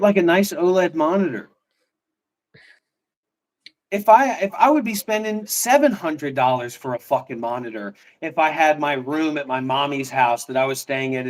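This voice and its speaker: A man's voice: a little high, normal speed. A man in casual livestream banter, mocking and taunting with a lot of swearing.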